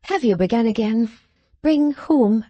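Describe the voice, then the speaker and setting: A woman voicing a calm, distracted middle-aged mother who brushes off her daughter with cool composure. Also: fairly high pitch, unhurried, dry recording, highs cut off. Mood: serenely dismissive.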